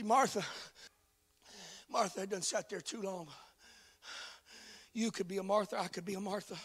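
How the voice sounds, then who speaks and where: A pastor with a high, husky voice preaches a sermon, moving between hushed whispers and loud, sing-song shouting as he calls out to people in the congregation.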